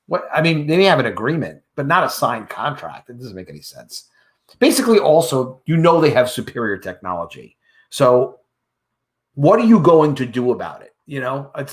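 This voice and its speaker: Lively, joking male commentator. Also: mid-range voice, normal speed. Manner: joking, sarcastic asides. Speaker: YouTube commentator. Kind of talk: casual news commentary.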